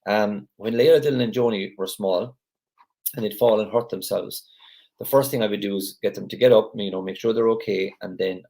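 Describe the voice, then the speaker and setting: Male group leader, casual video-call talker, rambling, low register, gravelly fry. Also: brisk, mellow. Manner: rambling and chatty with frequent restarts.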